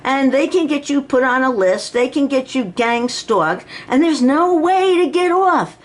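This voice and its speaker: A woman's voice: high-pitched, animated, measured pace. An older woman from New York talking to camera, indignant and emphatic, firing off rhetorical questions. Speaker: video blogger. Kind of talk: personal video rant.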